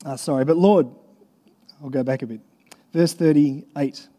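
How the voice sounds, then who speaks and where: A man's voice: fairly high pitch, measured pace, warm tone. Man, pastor preaching, earnest, repetitive, conversational, lingering church-hall echo. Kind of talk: sermon. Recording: long reverb of a large hall.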